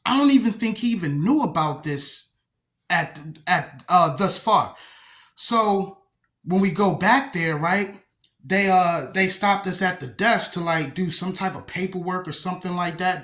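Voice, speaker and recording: A young man casually telling a story from his own life, profane and streetwise, acting out the dialogue as he goes. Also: high-pitched. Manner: profane, streetwise, animated retelling with acted-out dialogue.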